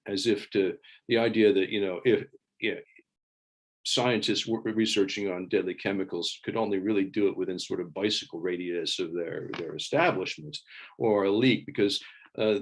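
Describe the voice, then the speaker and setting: A man giving an online talk with slides, in a wry and halting way, with many fillers and restarts. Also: sits low. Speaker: invited speaker.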